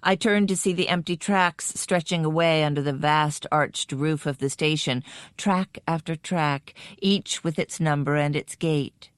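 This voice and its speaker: A woman narrating a first-person story in a measured, even storytelling manner. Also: low-pitched, clean tone, no room sound, studio quality. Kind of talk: scripted audiobook narration.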